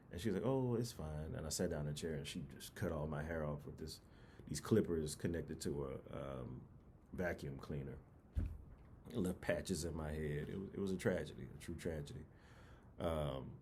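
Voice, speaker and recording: A young man from New Orleans tells a personal story in an easygoing, rambling way. His voice sits very low, with a dark, mellow tone. A faint hiss runs under the recording. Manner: laid-back, rambling with many fillers. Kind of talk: casual storytelling.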